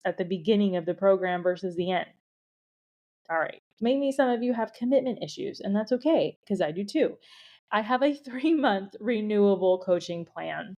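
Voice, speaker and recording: A woman's voice: mid-range voice, warm tone. A woman hosting her own podcast as a business coach, talking in a chatty, playful way with lots of casual fillers. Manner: chatty and playful, with frequent "you know" and "like" fillers. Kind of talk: casual solo podcast talk.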